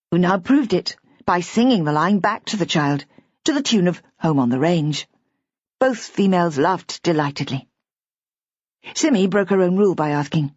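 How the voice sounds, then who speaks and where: A woman narrating an audiobook mystery with measured, expressive storytelling. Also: on the low side, breathy edge, dry recording. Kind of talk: scripted narration. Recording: dull, dry lo-fi audiobook recording.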